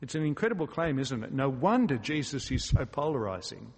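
Husky-voiced preacher in a reverberant hall. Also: male voice, mid-range voice, big pitch swings, fairly quick. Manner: earnest, emphatic preaching with rhetorical questions. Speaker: pastor. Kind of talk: sermon. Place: church.

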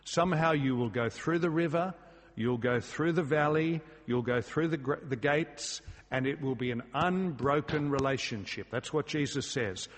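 A man's voice: medium pitch, normal speed, big-room sound. A man preaching a sermon in a church, earnest and emphatic, asking his listeners rhetorical questions. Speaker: pastor.

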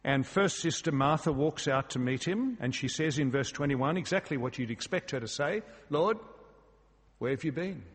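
A man's voice: mid-range voice, animated, normal speed, hardly any pauses, husky, big-room sound. A man preaching a sermon in a church, earnest and emphatic, asking his listeners rhetorical questions. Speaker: pastor.

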